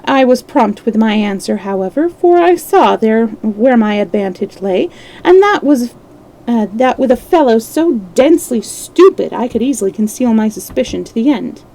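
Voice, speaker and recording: Woman, storyteller, live-stream read-aloud, gravelly, mellow, measured. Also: a little high, rough recording. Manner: steady, measured reading with small slips.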